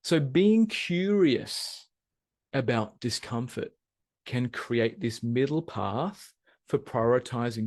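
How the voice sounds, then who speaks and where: A man's voice: mid-range voice, dry recording, clean studio sound. A man giving a live webinar talk, asking the audience questions and posing them as he goes. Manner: animated, asks the audience questions. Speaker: webinar presenter.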